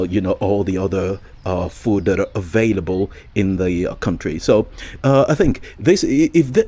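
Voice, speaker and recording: Vlogger type: man, low-ish husky voice, loose rambling delivery full of ums and restarts, chuckles as he goes. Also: mellow. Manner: hesitant, many fillers and restarts, chuckles often. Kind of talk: casual rambling monologue.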